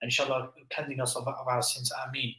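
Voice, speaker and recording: A man's voice: medium pitch, flat delivery, a little fast, bright, forceful tone, echoey room, poor audio. A man hosting a charity fundraising livestream, pleading with viewers in an impassioned, preacher-like way. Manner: impassioned preaching appeal, building in force.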